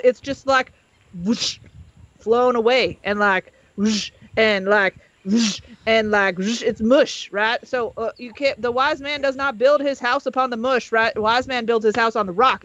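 A man's voice: very high-pitched, a bit bright, no echo. A man doing a rambling southern professor. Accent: American Southern (put on). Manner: earnest, rambling, sound effects. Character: rambling male professor scientist with a southern drawl. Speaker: player. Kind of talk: in-character tabletop monologue. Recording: dull lo-fi audio.

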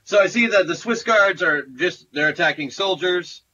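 A man's voice: sits high, moderate pace, bright, forceful tone, slight background noise. A man playing in a tabletop game, checking the scene and then stating his actions step by step. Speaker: player. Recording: dull lo-fi audio.

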